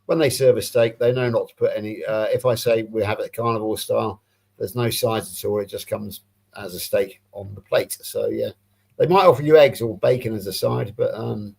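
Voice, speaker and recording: A man's voice: lowish voice, steady tone, normal speed, creaky, a little mellow, slightly rough. A man chatting casually on a livestream, rambling with fillers and restarts.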